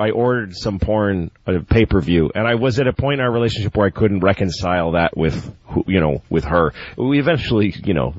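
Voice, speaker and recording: Guy on a radio show, husky voice, swings up and down a lot, kinda dull broadcast sound. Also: on the low side, lively intonation, a little fast, hardly any pauses. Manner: stammering, self-mocking storytelling. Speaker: comedian guest. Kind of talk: comic radio chat.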